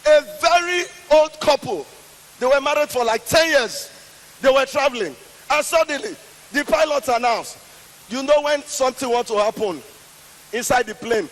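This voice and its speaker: A man from Nigeria with a Nigerian accent doing stand-up comedy, telling stories with an emphatic, drawn-out delivery. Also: extremely high pitch, a bit bright. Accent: Nigerian English. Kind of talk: stand-up storytelling. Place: large hall with a live audience. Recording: long hall reverb.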